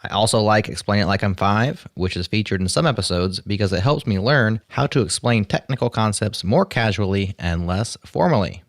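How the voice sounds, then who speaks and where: Deep-voiced man reading a listener letter. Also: lively intonation, brisk, few pauses, no room sound, clean studio sound. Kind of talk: reading a listener message aloud.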